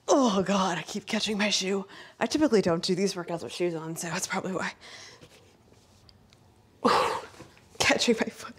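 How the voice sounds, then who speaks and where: Indoors, a fitness coach with a breathy, husky, middle-pitched voice leads a follow-along workout while doing the exercises herself. She's out of breath from the effort yet keeps delivering upbeat cues and countdowns, speaking a little slowly with long pauses.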